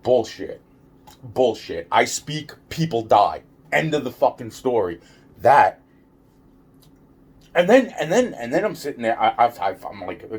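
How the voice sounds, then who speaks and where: Husky man ranting profanely. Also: mid-range voice, sing-song, unhurried, pauses often. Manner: profane, rambling, repeats himself, stumbles over restarts. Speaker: vlogger. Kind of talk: ranting vlog monologue.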